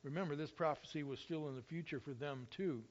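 A male pastor with a high-pitched, brisk voice preaches a sermon expressively, growing loud whenever he quotes scripture. The recording is muffled and lo-fi, with a dull top end.

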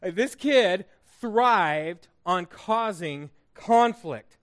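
Male pastor, middle-aged, higher-pitched, relaxed storytelling sermon delivery. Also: very slow. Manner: conversational storytelling with frequent fillers and restarts.

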